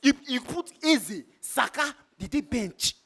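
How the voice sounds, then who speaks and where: Nigerian pidgin guy ranting about his team, real high voice, bright and bouncy. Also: expressive, slow, vocal fry, slightly rough. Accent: Nigerian Pidgin English. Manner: heated, exasperated, repetitive. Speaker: football fan. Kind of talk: street fan reaction rant.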